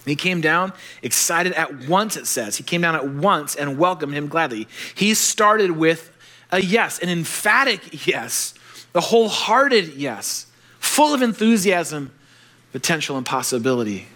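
A man preaching a sermon, animated and joking, acting out the voices of the people he quotes. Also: on the high side, measured pace. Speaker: pastor.

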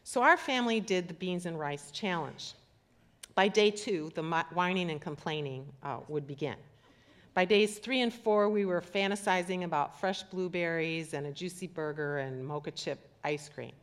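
A middle-aged woman preaching a sermon, reading scripture and acting out the voices in it with lively commentary. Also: on the low side, moderate pace. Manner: animated, acts out scripture voices. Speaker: pastor.

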